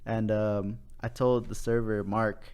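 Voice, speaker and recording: A young man talking casually as a podcast guest, telling a story in an animated, profane way. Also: on the low side, unhurried, smooth. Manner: animated, profane, quotes people in funny voices.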